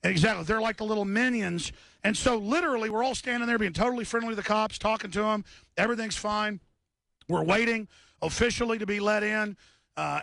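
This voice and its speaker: A man's voice: high-pitched, gravelly, sharp tone, no room sound. An agitated man hosting a live radio show, worked up after a scuffle, emphatic and repeating himself as he recounts what happened. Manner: emphatic, repeats words, restarts often. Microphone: studio radio mic.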